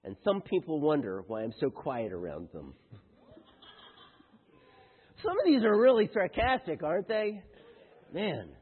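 A man reads funny cards aloud to a congregation, joking along and tripping over the odd word. His pitch swings widely and his voice is a little breathy. The sound is thin and phone-like, with a long echo from a big hall. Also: big pitch swings. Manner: jokey, halting reader who stumbles over words. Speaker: speaker reading Mother's Day cards to an audience. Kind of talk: light-hearted reading aloud to a congregation. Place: large hall with house lights.

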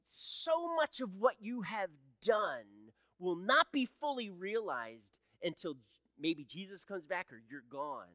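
A man in his sixties preaching a sermon as pastor, swinging between loud emphatic peaks and hushed low passages. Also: sing-song, slow, no room sound, studio quality. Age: 60s.

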